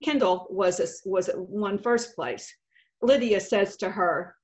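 A woman's voice: medium pitch, unhurried, darkish tone. A middle-aged woman with a Texan accent, a state contest director giving a folksy, lightly humorous conference presentation. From Texas.

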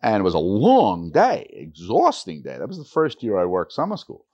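Older man, animated pitch, retired teacher. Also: moderate pace, dull audio. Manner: animated storyteller who acts out quoted voices. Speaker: retired teacher being interviewed. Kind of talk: oral history interview.

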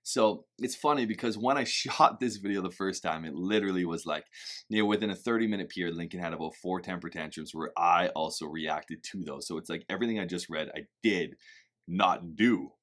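A man giving a casual, candid talk to camera about parenting, animated and swinging to loud emphatic bursts, swearing now and then. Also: deep voice, fairly quick. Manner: occasional swearing. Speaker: parenting vlogger.

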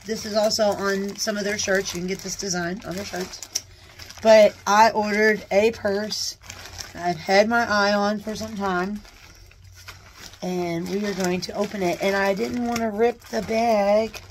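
A woman chatting casually as she unboxes a new purse, gushing with excited exclamations. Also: mid-range voice, measured pace, slight background noise. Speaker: unboxing vlogger. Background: paper crinkling.

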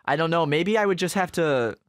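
Young man, podcast co-host, animated storytelling, swooping pitch, dry close sound. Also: brisk, no echo. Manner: animated storytelling, bursts of loud laughter. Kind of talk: casual podcast banter.

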